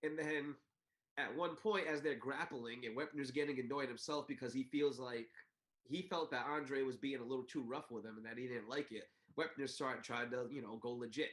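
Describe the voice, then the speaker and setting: A male podcast co-host recounts a story in relaxed conversation. He performs the quoted bits with sudden pitch leaps. His voice sits at a medium pitch and rings in a reverberant room. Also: moderate pace. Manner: animated, acts out quotes with big pitch jumps. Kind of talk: casual storytelling chat. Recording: roomy echo.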